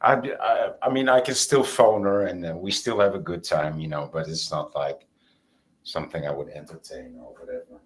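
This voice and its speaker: A man's voice: low voice, normal speed. A man co-hosting a podcast in casual chat, hesitant and reflective, with many fillers. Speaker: podcast co-host.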